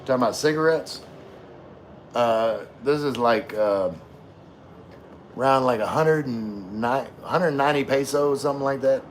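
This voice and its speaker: A man reading viewer comments on a casual live stream, rambling and relaxed while drinking with his chat. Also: medium pitch, slight background noise. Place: room with floor-to-ceiling window.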